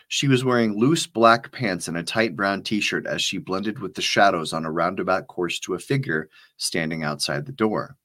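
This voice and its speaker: Casting: low male author-narrator, steady audiobook delivery, faint music bed.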